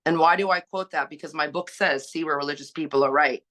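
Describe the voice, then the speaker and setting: A woman's voice: low voice, quick pace, fairly bright tone. A woman sharing her recovery story on a panel, earnest and exhorting, asking rhetorical questions. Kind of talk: personal sharing, preachy.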